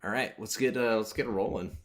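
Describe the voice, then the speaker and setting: A man's voice: on the low side, fast, a bit bright. A man co-hosting a casual podcast in an easygoing, hesitant way. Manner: easygoing, hesitant, filler-heavy. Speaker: podcast co-host.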